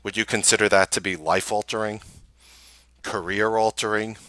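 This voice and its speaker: Emphatic man pitching his trades. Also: fairly even intonation, moderate pace, fairly bright tone, no echo. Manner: emphatic, rhetorical questions, salesy. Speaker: trading educator and host. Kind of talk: trading market recap and course pitch.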